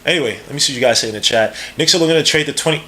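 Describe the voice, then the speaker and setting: An excitable man rattles off live draft commentary on his podcast. His voice sits a little high for a man, and he rambles in street slang. A faint background noise sits under him. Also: rapid-fire. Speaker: podcast host.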